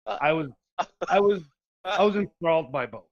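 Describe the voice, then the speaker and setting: A man's voice: fairly high pitch, animated, normal speed, dull audio. A man co-hosting a podcast, talking in crude, joking banter and often repeating himself. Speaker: podcast co-host.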